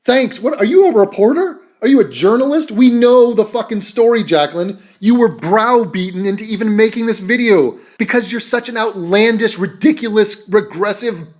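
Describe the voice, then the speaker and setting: A man's voice: sits high, normal speed, hardly any pauses, a little mellow. A man hosting a reaction commentary, delivering a profane, insulting rant. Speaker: commentary video host.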